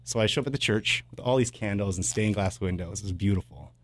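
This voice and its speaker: A radio host in his thirties, whose voice is on the low side and fast, tells casual stories on air. He rambles anecdotally, packing his talk with filler words like "uh" and "blah, blah."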